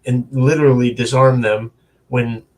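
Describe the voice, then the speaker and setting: Earnest man, halting guest. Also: medium pitch, fairly even intonation. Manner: earnest, reflective, halting restarts. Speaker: interview guest. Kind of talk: casual conversational interview.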